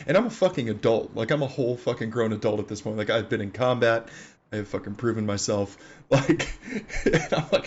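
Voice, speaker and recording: A man in his thirties, an army veteran, telling a war story in a profane, laughing, animated way. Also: mid-range voice, fast talker, lo-fi sound, slight background noise. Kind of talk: casual storytelling on a live stream.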